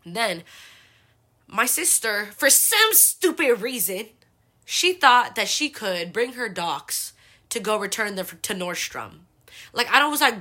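Young podcast host girl, crisp bright tone, cussing and saying like constantly. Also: fairly high pitch, sing-song, slow. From San Francisco Bay Area. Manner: profane, rambling, heavy use of like. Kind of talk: casual storytelling.

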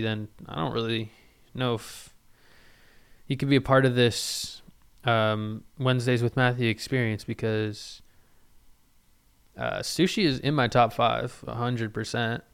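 A man's voice: mid-range voice, moderate pace, creaky, clean tone. A man hosting a casual solo podcast, rambling with lots of ums and slang. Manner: rambling, filler-heavy, slangy. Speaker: podcast host.

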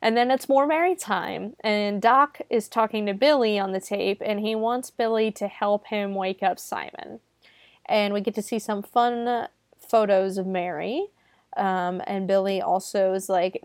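A woman's voice: medium pitch, a little slow, dry recording. A woman casually recapping a film, chatty and full of filler words, swearing freely. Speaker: film reviewer.

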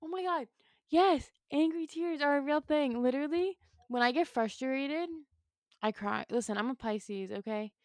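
A woman co-hosting a casual sports talk show, expressive and rambling, with many fillers. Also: sits high, moderate pace, no room sound, studio quality. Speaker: co-host.

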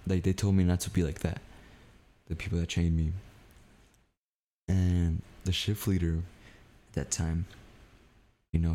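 A man's voice: low voice, dark tone. A young man co-hosting a podcast, telling a story in a loose, profane way, full of "like" and "dude". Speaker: podcast co-host. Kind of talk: casual storytelling chat.

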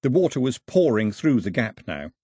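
A man narrating an audiobook with expressive storytelling. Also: mid-range voice, moderate pace, breathy edge, no echo, clean studio sound.

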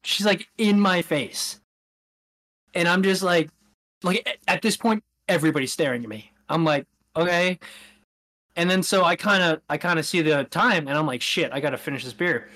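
A man's voice: on the high side, moderate pace, pushed and bright. A man co-hosting a podcast, telling a rambling anecdote in casual chat, laughing often and acting out what people said. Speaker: podcast co-host.

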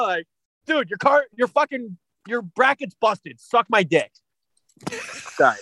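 Young guy ranting and cussing on a podcast, high lively voice, dry sound. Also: moderate pace, dry recording. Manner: profane, ranting, excitable. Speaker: podcast co-host. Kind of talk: casual chat.

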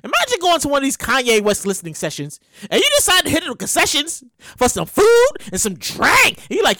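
Woman podcast host ranting, high bright voice that jumps all over, cussing a lot, dry close sound. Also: a little fast, no room sound. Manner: animated, profane, acts out scenes with exaggerated outbursts. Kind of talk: casual commentary monologue.

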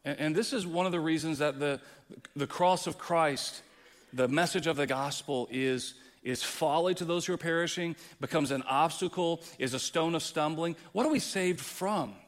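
Male pastor, impassioned sermon delivery, slightly high voice, long hall echo. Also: moderate pace. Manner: impassioned preaching, swings from quiet to loud.

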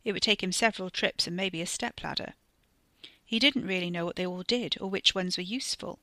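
Bright-voiced woman narrating horror fiction. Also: on the low side, dry recording. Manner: measured, slowing for tension. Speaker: podcast storyteller. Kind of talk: scripted narration.

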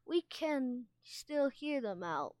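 A woman's voice: sits high, big pitch swings, takes it slowly, a little mellow, no echo, pitched above the performer's own voice, heavily acted. A woman reading aloud, voicing a bookish, anxious young male dragon who lectures gloomily. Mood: lecturing.

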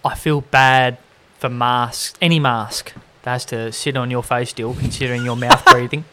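A man's voice: mid-range voice, steady tone, normal speed, bright, forceful tone, slight background noise. A man co-hosting a podcast, upbeat and playful in casual chat. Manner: upbeat, playful, says mate. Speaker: podcast co-host.

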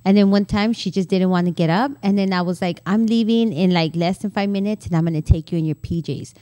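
A woman's voice: medium pitch, brisk, mellow, dry recording, studio quality. Middle-aged woman, blunt, chatty storyteller, casual podcast talk. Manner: blunt, storytelling with quoted asides. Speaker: podcast co-host. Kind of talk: casual chat.

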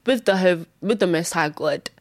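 A young woman giving a candid personal testimony in casual speech. She repeats herself often and breaks into sudden high exclamations. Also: normal speed, no echo, clean studio sound. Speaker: Christian vlogger sharing testimony.

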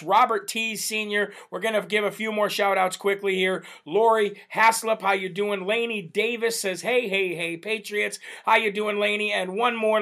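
A man hosting a live stream, reading out viewer shout-outs in a chatty, casual way, laughing often and using many fillers. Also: high-pitched. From United States. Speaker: livestream host.

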